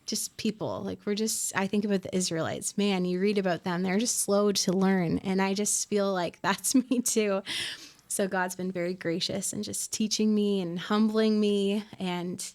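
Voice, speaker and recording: A woman in her twenties, a worship pastor being interviewed on a podcast, talking in a reflective, soft-spoken way with many fillers. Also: mid-range voice, steady tone, normal speed. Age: 20s.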